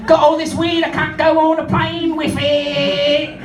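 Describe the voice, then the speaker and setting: Comedian doing a trilling posh English lady; high, lilting, roomy club. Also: little pitch movement, a little slow, music in the background. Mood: sing-song. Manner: sing-song mock British lilt. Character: sing-song posh British woman friend. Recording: roomy club, distant mic, audience.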